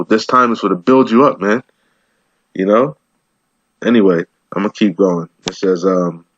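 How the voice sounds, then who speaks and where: A man's voice: on the low side, a bit bright, no echo, lo-fi sound. A man giving loose, streetwise commentary on scripture, rambling and peppering his talk with slang. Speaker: bible teacher.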